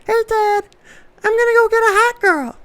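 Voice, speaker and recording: A man doing a squeaky, cocky little boy. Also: moderate pace, a bit bright. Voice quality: squeaky high child voice. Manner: brash hollering. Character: cheeky little boy, girl-chasing.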